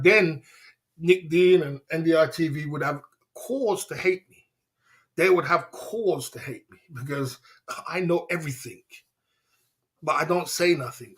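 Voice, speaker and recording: A man's voice: a little high, fairly bright tone, breathy edge. A man hosting a casual livestream chat, rambling and defiant, often laughing and asking "you know what I mean". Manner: defiant, boastful. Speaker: livestream host.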